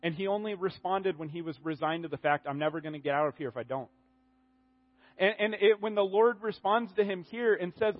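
A man preaching a sermon in a conversational, animated way, often restarting his sentences. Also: high voice, fairly quick, muffled recording.

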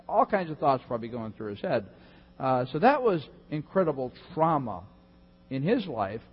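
A man's voice: medium pitch, very animated, normal speed, breathy edge, in a large hall, lo-fi sound. A man preaching a conversational sermon as pastor, chatty and joking with many fillers and asides.

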